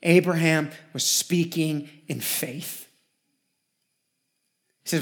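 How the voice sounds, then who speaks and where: A man preaching a sermon as pastor, emphatic and repetitive, swinging from loud lines to hushed ones. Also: sits high, moderate pace.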